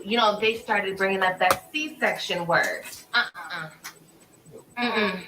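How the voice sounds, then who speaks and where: A young woman vlogger telling her story to viewers in a drawn-out, animated way. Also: medium pitch, roomy sound, background noise.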